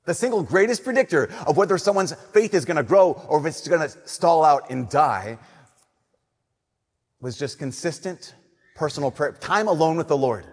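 Young priest, male, slightly high and husky, conversational sermon delivery with long church reverb. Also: expressive, normal speed. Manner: conversational preaching, playful then hushed and earnest. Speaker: Catholic priest.

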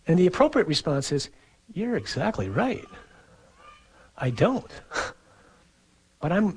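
A middle-aged man, a priest, giving an earnest, conversational sermon with a husky voice and the odd chuckle. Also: a little high, low-quality recording.

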